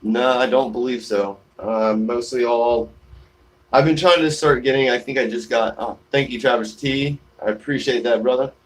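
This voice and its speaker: A man's voice: mid-range voice, normal speed. A man live-streaming from his shaded porch, chatting casually and reading out viewer comments, rambling with many fillers and restarts. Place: outdoors on a shaded home porch.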